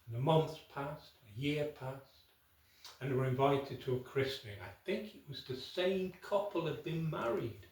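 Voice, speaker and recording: Male folk-tale storyteller with dramatic pauses, recorded far off in a very roomy space. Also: on the high side, animated, a little mellow. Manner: unhurried, dramatic pauses, rhetorical asides. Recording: echoey room, from far off.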